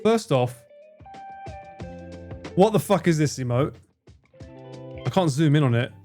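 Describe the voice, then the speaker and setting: A male streamer chatting live, his pitch swooping up and down as he giggles through the banter. He swears casually and reacts to messages from his chat, with soft music in the background. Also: expressive, a little slow. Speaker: livestream host.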